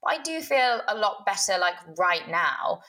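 A woman's voice: medium pitch, sing-song, normal speed, pushed and bright. A young woman co-hosting a podcast, rambling in casual chat with lots of fillers and giggles. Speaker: podcast co-host.

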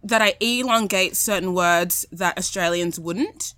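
Giggly lady co-host, bright tense voice, dead dry room. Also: fairly low pitch, measured pace, no room sound. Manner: giggly, chatty. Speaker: podcast co-host. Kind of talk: casual chat.

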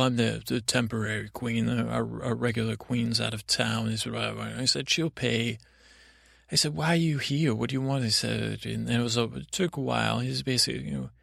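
A podcast host with a medium-pitched, heavily gravelly voice full of fry drifts through a bedtime story in a near-monotone. He meanders, stumbling through restarts and asides, and the recording is close and dry with no room around it.

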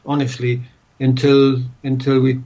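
His medium-pitched voice is monotone, a little slow and mellow, with the highs cut off. The older man, once a footballer, reminisces casually in an interview, rambling on, restarting often and dropping "what have you."

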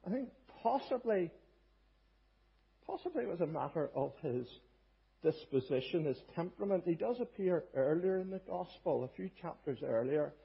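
A man delivers a sermon with a very husky, breathy voice that sits a little high for a man. He speaks earnestly and leans hard on key words, pausing now and then to find his phrasing. The recording sounds dull and lo-fi. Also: lively intonation. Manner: earnest, emphatic preaching with small hesitations. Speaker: preacher.

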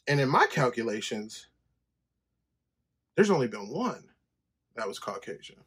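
A man talks through a personal story on his podcast, swearing freely and jumping into a higher voice to act out what others said. His voice sits a little high and moves a lot, rising sharply in excited stretches and dropping low and quiet in asides. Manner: profane, animated, acts out quoted conversations in a higher voice. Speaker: podcast host. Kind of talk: casual storytelling monologue.

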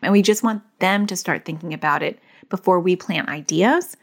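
With vocal fry in a fairly low voice at a moderate pace, a woman who is both a therapist and a parent gives advice in a casual monologue. She's earnest and chatty, filling her speech with lots of "like."

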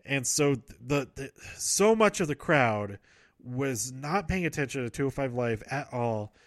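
A man's voice: medium pitch, animated, unhurried, dry recording, studio quality. A man casually recapping wrestling events, rambling, correcting himself and laughing often.

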